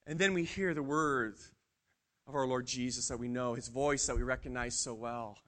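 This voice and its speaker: A man acting out the apostle Peter as a bold, proud fisherman, telling his story in a first-person Bible monologue that swings between hushed awe and loud boasting. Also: medium pitch, moderate pace, lightly acted. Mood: hushed, awed. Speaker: preacher in character.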